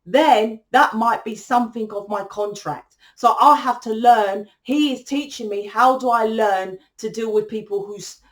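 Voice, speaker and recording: Casting: young woman, host of a spiritual channel, loose chatty monologue with frequent swearing. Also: medium pitch. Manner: rambling, chatty, swears freely. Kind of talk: casual monologue.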